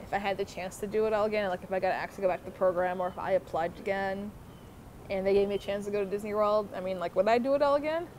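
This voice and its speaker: A young adult woman telling a story about her old job to the camera in a casual, animated way, swearing often. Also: medium pitch, fast talker. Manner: profane, animated, swears freely. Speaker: former theme park worker telling her story. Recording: noisy background.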